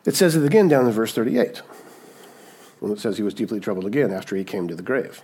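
A man's voice: expressive, quick pace, breathy edge. Man preaching with emphatic swings. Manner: dynamic, swings between emphatic peaks and hushed low moments; conversational, checks in with "okay?" and "right?". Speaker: pastor. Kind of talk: sermon.

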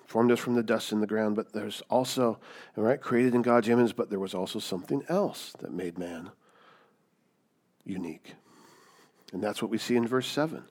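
A man preaching a Bible teaching in a conversational way, often checking in with a quick question to his listeners. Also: medium pitch, darkish tone. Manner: conversational, keeps asking "right?". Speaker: pastor.

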